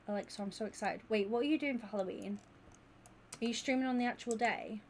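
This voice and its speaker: A woman, chatting casually and excitably with viewers during a gaming stream. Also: fairly high pitch, fast, a little hiss or hum. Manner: excitable and gushing, chatting with viewers while she plays. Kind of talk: casual live-stream chat.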